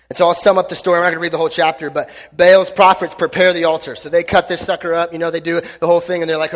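A high-voiced male pastor tells the story in an animated, joking way. His voice rings in the long reverb of a large hall. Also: quick pace, hardly any pauses. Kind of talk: sermon.

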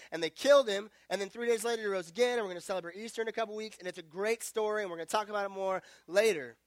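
High-voiced casual young male preacher. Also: dry recording. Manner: casual, animated storytelling with self-aware jokes. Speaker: youth pastor. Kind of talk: sermon to a youth group.

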